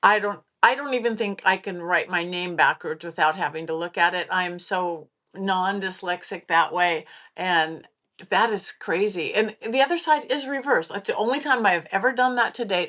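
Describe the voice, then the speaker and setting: Female podcast host, psychic medium, lively anecdotal storyteller who acts out voices. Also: mid-range voice. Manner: animated, acts out quoted voices. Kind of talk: casual spooky storytelling.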